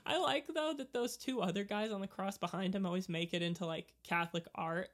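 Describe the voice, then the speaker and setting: A woman's voice: medium pitch, brisk. A woman in casual chat, bantering playfully and crudely.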